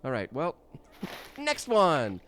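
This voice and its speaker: A man's voice: fairly high pitch, huge pitch swings, slow, a bit bright, slight background noise. A man streaming a game, chatting casually and playfully, often giggling and joking to himself.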